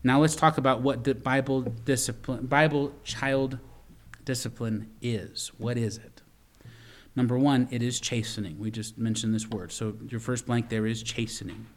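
A man's voice: mid-range voice, steady tone, moderate pace. A middle-aged man preaching a sermon as pastor, earnest and full of stories, with frequent stumbling restarts.

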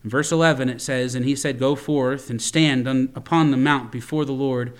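A man preaching a sermon, reading scripture slowly and commenting with quick asides and frequent restarts. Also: medium pitch, steady tone, clear, resonant tone.

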